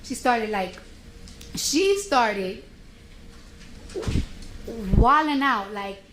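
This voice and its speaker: A woman's voice: a little high, extremely slow, long pauses, roomy sound, a little hiss or hum, poor audio. A woman testifying in court, animatedly retelling a confrontation and quoting both sides. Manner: animated retelling with quoted dialogue. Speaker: witness testifying.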